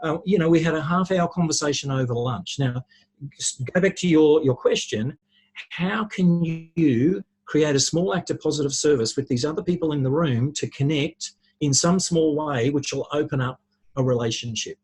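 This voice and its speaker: A man, a podcast guest, explaining ideas with lively anecdotes and worked examples. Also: on the high side, normal speed, breathy edge. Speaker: podcast guest, relationships speaker. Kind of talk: conversational storytelling.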